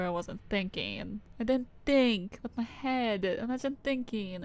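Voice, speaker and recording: A woman's voice: a little high, moderate pace, hardly any pauses, slight background noise. Giggly young woman streaming a game. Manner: chatty, giggly, swears casually. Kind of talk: casual live game commentary.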